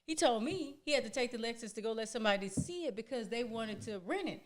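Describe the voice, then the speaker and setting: High-voiced woman telling her story. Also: normal speed. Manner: animated, acts out quoted dialogue. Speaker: entrepreneur guest. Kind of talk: podcast interview storytelling.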